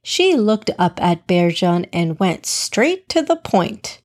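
A woman narrating a children's storybook in a calm, measured way. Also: lowish voice.

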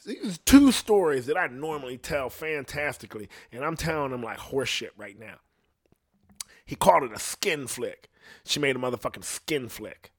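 A young man spins a crude, profane story in loose casual chat, rambling through restarts and breaking into laughs along the way. His voice sits at an ordinary middle pitch. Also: lively intonation, normal speed, no room sound, studio quality. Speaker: podcast storyteller.

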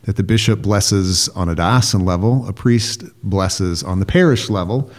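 A man co-hosting a podcast, explaining church practice in a measured, chatty way with fillers. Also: low-pitched. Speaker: podcast co-host. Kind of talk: casual chat.

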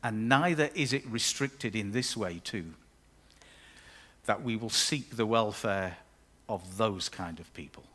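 A man's voice: lowish voice, measured pace, pushed and bright. A man preaching a sermon as pastor, conversational and with playful asides.

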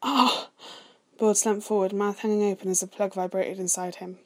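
Soft-spoken woman reading a story. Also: mid-range voice, flat delivery, brisk. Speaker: story reader. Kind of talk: read-aloud fan fiction narration.

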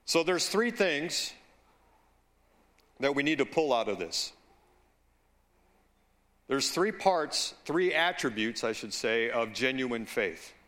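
Bright-voiced slow-preaching man. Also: mid-range voice, expressive. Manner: slow, deliberate preaching with asides and call-outs to the congregation. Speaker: pastor. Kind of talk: sermon.

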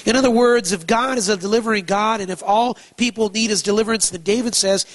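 A man's voice: sits high, fast talker, few pauses, low-quality recording. A man preaching a sermon, emphatic, asking rhetorical questions and repeating key phrases. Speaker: pastor.

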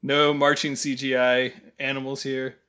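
A man co-hosting a podcast, making wry, deadpan asides about a film, with hesitant restarts. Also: mid-range voice, normal speed, smooth. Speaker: podcast co-host. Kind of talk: casual film review chat.

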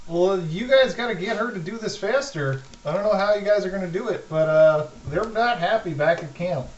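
A man's voice: sits high, moderate pace, a little hiss or hum. A joking man playing a tabletop game, roomy and distant. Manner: joking, playing a scheming cultist in character. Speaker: player. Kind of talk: tabletop role-play. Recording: roomy, distant, dull lo-fi sound.

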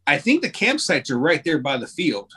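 A man's voice: fairly high pitch, big pitch swings, normal speed, a bit bright, slightly rough. A man chatting casually in a group, rambling and restarting his sentences as he explains things. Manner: rambling, self-correcting, repeats words. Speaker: pilot sharing fly-in experience.

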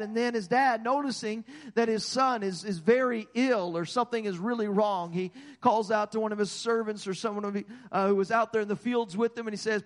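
A man's voice: sits high, fairly even intonation, normal speed, hardly any pauses. A man preaching a sermon as a story, passionate and often repeating words as he builds. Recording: long hall reverb.

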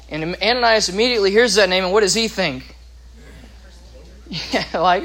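Man, Bible class teacher, high voice, explanatory asides, restarts. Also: normal speed, pushed and bright. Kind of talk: Bible lesson.

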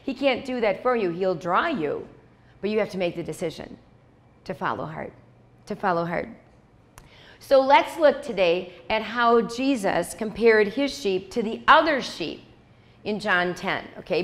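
A woman preaching a sermon in a conversational way, repeating key lines and checking in with "okay?" and "right?". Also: mid-range voice. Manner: acts out short dialogues in quoted voices.

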